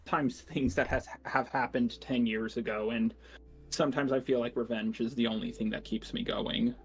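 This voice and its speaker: A man's voice: medium pitch, steady tone, moderate pace, gravelly, slight background noise. A man venting his frustration in casual conversation.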